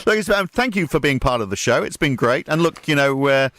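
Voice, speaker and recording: A man's voice: on the high side, lively intonation, fairly quick, fairly bright tone, dry recording. A man hosting a late-night radio show, chatting casually in a wry, joking way into a studio mic. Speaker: radio host.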